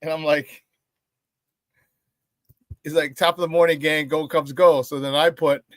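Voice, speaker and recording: A man hosts a morning sports talk show in a high, bright voice, loose and hyped as he jokes with viewers. His sound is dry and close, with almost no room in it. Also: steady tone, unhurried, no echo. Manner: playful and hype, reading viewer comments with laughs. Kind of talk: casual morning show chat.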